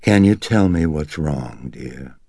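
A man voicing a calm male psychiatrist who speaks softly and soothingly in an audiobook reading. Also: very deep voice, takes it slowly, gravelly, no echo, studio quality, full character voice. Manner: soft, soothing, hushed. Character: calm, gentle male psychiatrist, middle-aged.

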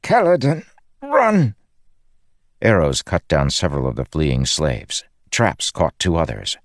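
A man narrating an audiobook in a measured, grave storytelling manner. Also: a bass voice, animated, no echo, studio quality.

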